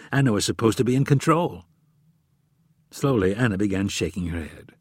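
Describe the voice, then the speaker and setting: Husky, low-voiced male audiobook narrator. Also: lively intonation, moderate pace, long pauses, dry recording, studio quality. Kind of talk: scripted narration.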